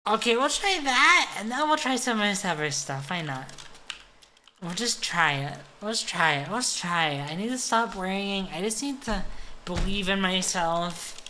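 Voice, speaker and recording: A woman's voice: mid-range voice, lively intonation, normal speed, pushed and bright, a little hiss or hum. A tipsy woman streamer chatting casually with viewers on a livestream, giggly and self-deprecating.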